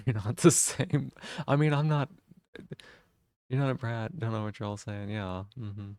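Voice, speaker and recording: A man's voice: on the low side, steady tone, unhurried, darkish tone, clear, resonant tone, no room sound, clean studio sound. A man live-streaming, chatting casually with viewers in a teasing way and swearing freely.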